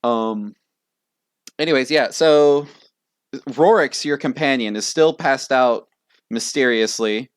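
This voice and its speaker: A man's voice: mid-range voice, takes it slowly, pauses often, clean tone, no room sound, studio quality. Laid-back young man running a tabletop game. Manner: laughs often, relaxed and rambling with fillers. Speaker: game master.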